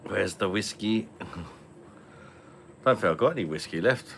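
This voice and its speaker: A man's voice: low-pitched, animated, takes it slowly, vocal fry, slight background noise. A man hosting a casual online pub stream from home, telling rambling stories, swearing freely and laughing often. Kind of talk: casual chat over beers.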